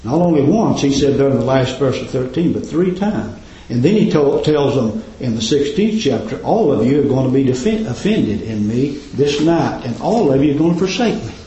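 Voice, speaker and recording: An impassioned man delivers a sermon, his voice climbing into high, ringing cries before dropping low again. His voice rings around an echoing room. The recording sounds a little dull. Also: lively intonation, normal speed, hardly any pauses, dark tone. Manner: impassioned, rising to high exclamations. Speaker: preacher. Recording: roomy, slightly dull recording.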